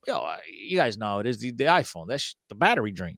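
A man telling a story in casual chat, animated and laughing, acting out quotes from other people. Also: lowish voice, fast talker, vocal fry, dry recording, studio quality. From New Jersey.

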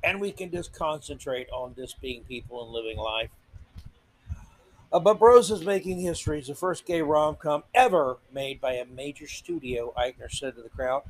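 A man's voice: on the high side, dry recording, low-quality recording. A middle-aged man hosting a podcast, delivering a combative, sarcastic opinion monologue. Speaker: podcast host.

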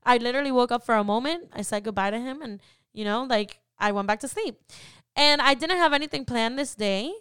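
A woman's voice: fairly high pitch, fairly quick, a bit bright, clear, resonant tone, no echo, clean studio sound. A young woman hosting a podcast, telling a personal story in a heartfelt way that turns emotional at times. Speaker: podcast host.

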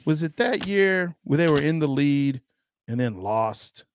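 A man co-hosting a casual sports podcast, animated and teasing, laughing often. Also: on the high side, unhurried, a little hiss or hum. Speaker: podcast co-host.

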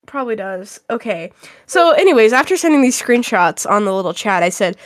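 A young woman co-hosting a casual podcast, ranting in an animated, exaggerated way and leaning on "literally". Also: fairly high pitch, moderate pace, no echo, studio quality. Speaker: podcast co-host. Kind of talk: casual chat.

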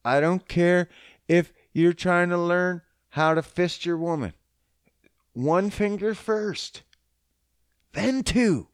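A man with a high, smooth voice delivers a casual, profane monologue about fitness and diet, speaking slowly with long pauses. He rambles, jokes crudely, and acts out both sides of conversations by voicing others in quotes, all in studio-quality audio with no echo.

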